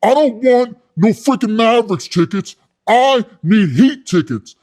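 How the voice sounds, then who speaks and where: Man doing a loud bragging ex-con coach. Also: very high-pitched, animated, unhurried, pitched above the performer's own voice. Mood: demanding. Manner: loud bragging, swearing-lite "freaking". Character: brash boastful male ex-con fitness coach.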